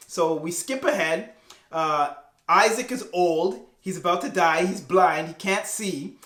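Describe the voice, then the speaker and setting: A man's voice: high voice, a bit bright. Man, youth pastor type, casual slangy storyteller, echoey room. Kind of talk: casual Bible lesson.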